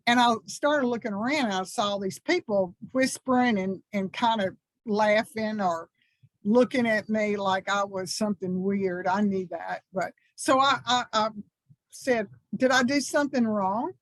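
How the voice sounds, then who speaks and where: This reverend from the American South, a woman in her sixties, shares personal anecdotes as a guest speaker at church, warm with folksy enthusiasm. She talks a little slowly in a mid-range voice, and the recording is poor quality without any room sound.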